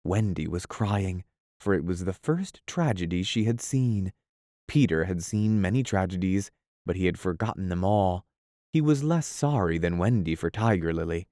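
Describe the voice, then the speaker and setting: A man narrating a classic novel as an audiobook, in a measured storytelling manner. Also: sits low, lively intonation, warm tone, no echo, studio quality. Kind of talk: scripted narration.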